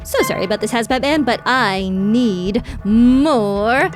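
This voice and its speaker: A woman's voice: on the high side, slow pace, over music. A young woman hosting a gaming channel, bubbly and wry as she narrates her play and reads characters' lines aloud. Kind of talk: playing and narrating a game.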